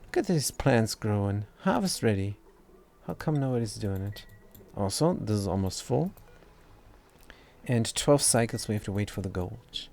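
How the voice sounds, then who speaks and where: Low, mellow non-native English-speaking man. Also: expressive, normal speed, vocal fry. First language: not English. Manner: rambling, self-deprecating, stumbles and restarts words. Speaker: gaming streamer. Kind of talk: casual gameplay commentary.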